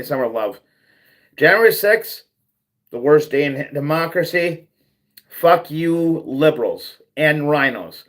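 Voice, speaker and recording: A man's voice: a little high, fairly bright tone. A man hosting a livestream, ranting bluntly and profanely, repeating himself as he goes. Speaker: livestream host. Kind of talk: ranting monologue.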